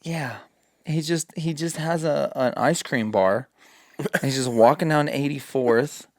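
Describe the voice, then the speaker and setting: A man's voice: a little high, measured pace, no room sound. A man spins a casual podcast story, cursing freely and acting out every line of dialogue. His voice is close and dry, with no room around it. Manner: animated, swearing, acts out quotes. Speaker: podcast host.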